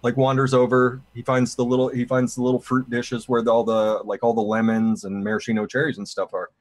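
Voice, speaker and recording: A man's voice: medium pitch, little pitch movement, fairly quick, no room sound. A man on a casual panel telling a long joke, rambling and correcting himself as he goes. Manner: rambling, self-correcting storyteller. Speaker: panel member.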